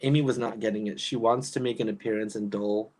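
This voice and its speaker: A woman's voice: a bass voice, fairly even intonation, fast talker, darkish tone. A woman doing casual livestream commentary, reading chat and ranting in an exasperated way with frequent laughs.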